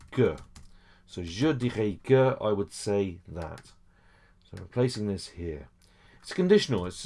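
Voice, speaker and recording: Guy with a lowish voice walking thru a french lesson, patient, lots of okays, keys clacking behind. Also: a little mellow. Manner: patient, explains step by step with frequent okays and uhs. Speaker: French teacher. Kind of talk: screen-recorded lesson walkthrough.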